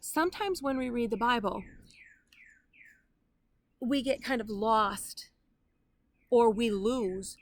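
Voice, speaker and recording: Slow, earnest grandmotherly Bible teacher woman. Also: on the high side. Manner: earnest and conversational, with personal asides. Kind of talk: online Bible teaching to camera.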